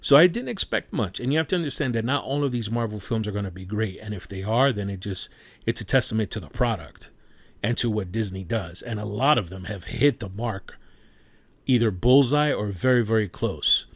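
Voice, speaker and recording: A man's voice: fairly low pitch, a little fast, dry recording. A man giving a casual spoken movie review, passionate and rambling, who swears freely.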